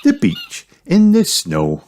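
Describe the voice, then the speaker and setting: A man voicing a kind, calm mother pig in a storybook, gentle and sing-song. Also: deep voice, measured pace, noisy background, exaggerated voice. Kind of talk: storybook read-aloud.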